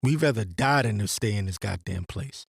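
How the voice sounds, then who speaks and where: A man's voice: fairly low pitch, expressive, moderate pace, vocal fry, slightly rough, no room sound, studio quality. A man giving a profane, rambling religious rant and reading scripture aloud. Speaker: religious commentator. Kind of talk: ranting monologue with scripture reading.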